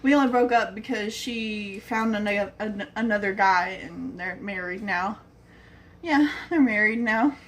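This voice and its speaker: A woman's voice: mid-range voice, unhurried, a little hiss or hum. A young woman telling a rambling personal story on her vlog, acting out what other people said. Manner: rambling, acts out quoted people. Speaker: vlogger. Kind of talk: casual storytelling.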